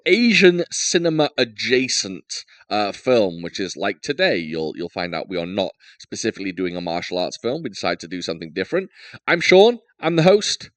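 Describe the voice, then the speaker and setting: A man's voice: on the low side, sing-song, normal speed, no room sound. Jokey, rambling man hosting a podcast. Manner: jokey, rambling, lots of fillers. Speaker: podcast host. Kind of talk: casual podcast chat.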